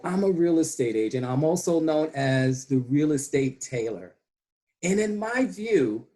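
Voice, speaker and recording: Slow, lively-voiced man telling a story. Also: a little high. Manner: slow storytelling with dramatic pauses. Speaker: club speaker. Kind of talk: prepared humorous speech. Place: video call from home.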